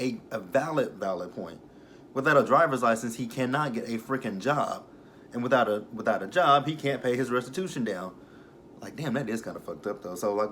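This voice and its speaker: A man's voice: fairly low pitch, a bit bright, a little hiss or hum. Chatty young man recapping reality TV. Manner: chatty, laughs and swears freely, mocks the cast in quick asides. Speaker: YouTube reality-show reviewer. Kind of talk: casual recap and commentary.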